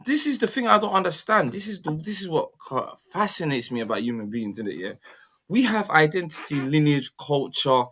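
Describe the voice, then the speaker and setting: A man hosting a casual opinion chat, animated and preachy, full of slang. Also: a little high, fairly quick, a little hiss or hum. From Somali heritage, UK.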